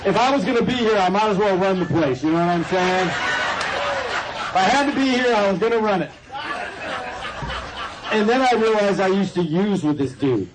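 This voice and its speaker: Male speaker at a convention, fairly high voice, loose and joking with the room, live crowd and noise behind. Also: lively intonation, fairly quick. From California. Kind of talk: personal story talk to an audience. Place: convention hall with an audience. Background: audience laughter and room noise.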